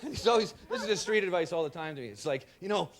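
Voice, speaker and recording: A young man doing a rambling, self-deprecating stand-up set, bursting into loud shouted impressions. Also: high-pitched, animated, racing. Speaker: stand-up comedian. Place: comedy stage before a live audience. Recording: live club with audience laughter and noise.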